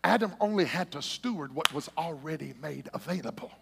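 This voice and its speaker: A male preacher delivering an impassioned sermon, calling out to the congregation and swinging between shouting and hushed passages. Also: on the high side, animated, brisk, creaky, in a large hall. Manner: calls out to the congregation.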